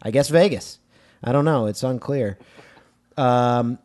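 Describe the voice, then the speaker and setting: A man co-hosting a movie podcast, chatting casually. He is joking and animated. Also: medium pitch, takes it slowly. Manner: joking, animated, reads text with mock gravitas. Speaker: podcast co-host.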